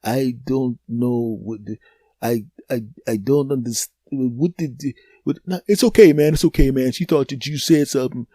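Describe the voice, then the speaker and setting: A man voicing a big, aggressive boyfriend who demands an explanation and then calms down. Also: fairly high pitch, fast, few pauses, no echo, voice pushed up. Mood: placated. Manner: loud and blustering. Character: huge, aggressive boyfriend confronting a stranger.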